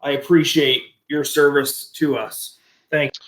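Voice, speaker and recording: A man's voice: on the high side, little pitch movement, a little slow, fairly bright tone. A man playing a solemn adventurer, delivering his lines stiffly, almost robotic. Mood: formal.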